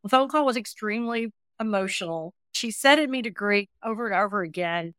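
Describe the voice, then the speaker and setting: Sixties woman guest on a podcast, earnest and animated, acts out the quotes, dry close mic. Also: medium pitch, brisk, few pauses, clean tone, no echo. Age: 60s. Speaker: interview guest, adoptee. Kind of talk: emotional personal storytelling.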